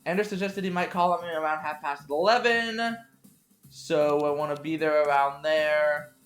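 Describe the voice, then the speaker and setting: Casting: woman with a lowish, lively voice, thinking aloud over gameplay, roomy echo. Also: normal speed, soft background music. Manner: musing aloud, thinking through choices. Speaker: gameplay commentator. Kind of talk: let's play commentary.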